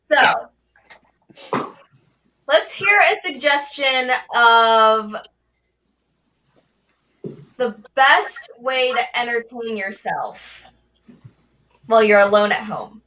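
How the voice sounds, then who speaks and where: Bright, high-voiced female improv host. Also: expressive, very slow, long pauses, recorded from a distance. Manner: upbeat, chatty hosting. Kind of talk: hosting an online improv show. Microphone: video call.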